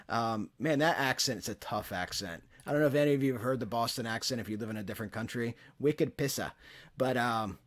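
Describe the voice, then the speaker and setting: A middle-aged man hosting a market analysis show, talking viewers through trading charts in a chatty way with joking asides. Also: fairly high pitch. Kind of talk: casual trading chart commentary.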